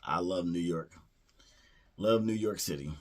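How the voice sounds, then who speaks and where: A man with a low, deep voice talks through a movie's plot in a loose, casual way. He wanders and restarts his sentences, leaning on "you know" and "uh" as he goes. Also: unhurried. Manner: rambling, many fillers and restarts; playfully acts out character lines. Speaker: movie reviewer.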